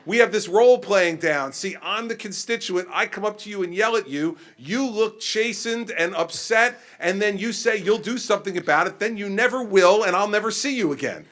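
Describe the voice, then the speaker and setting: A man's voice: sits high, normal speed, few pauses, fairly bright tone, pitched above the performer's own voice. A man mimicking an indignant member of the public who demands action, in a mocking, exaggerated tone.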